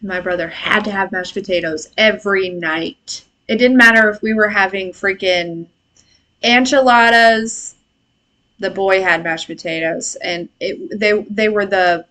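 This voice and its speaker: A woman's voice: medium pitch, a little slow, sharp tone. Chatty woman hosting a casual live reading. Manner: chatty, laughing, swears casually, reads chat comments aloud. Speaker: intuitive reader and live stream host. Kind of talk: casual live-stream tarot-style reading.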